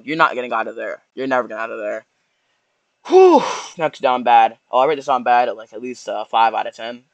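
A young man doing casual reaction commentary in a loose, slangy ramble. His delivery sounds mock-sorrowful, and his voice has a middling pitch. It is recorded close up in a dry room with no echo. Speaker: YouTuber reacting to posts.

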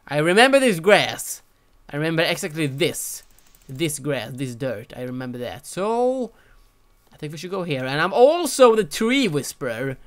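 A man doing let's-play gameplay commentary, talking to himself with animated, exasperated exclamations. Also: on the high side. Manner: animated, exasperated self-talk with frequent exclamations. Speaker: gaming channel host.

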